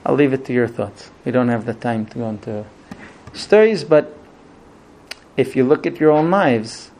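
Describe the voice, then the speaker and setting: A man's voice: medium pitch, normal speed, darkish tone, a little hiss or hum. A man giving a Bible lesson, telling the story animatedly and acting out quotes. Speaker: Torah teacher.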